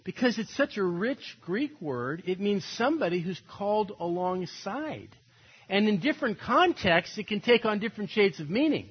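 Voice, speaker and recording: A man's voice: sits high, very animated, moderate pace, husky, dull audio. An older man preaching a sermon, telling stories animatedly and acting out quoted voices. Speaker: pastor.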